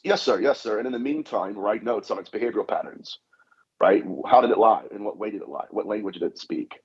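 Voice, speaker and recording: Here a man with a fairly low, breathy-edged voice talks briskly as a podcast guest who works as a demonologist. His anecdotal delivery acts out conversations, peppered with "I said." The recording is dull and lo-fi.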